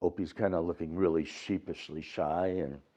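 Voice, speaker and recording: A man giving a dharma talk at a temple, retelling a story with lively acted-out voices. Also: sits low, normal speed. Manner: animated retelling, acts out voices. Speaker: Buddhist teacher. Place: temple hall. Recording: dull lo-fi recording.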